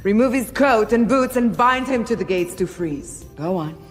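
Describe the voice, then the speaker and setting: A woman's voice: a little high, expressive, moderate pace, faint music behind, close to an everyday voice. An actress playing a proud woman in a fairy-tale film, commanding and theatrical. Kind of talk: fantasy film acting. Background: film score.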